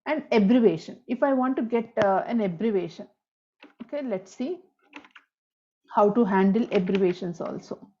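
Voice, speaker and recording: A woman's voice: mid-range voice, animated, moderate pace, long pauses, mellow. A woman teaching a screen-recorded coding lesson, explaining step by step, spelling out tag names and repeating key points. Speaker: programming tutor. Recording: dull lo-fi audio.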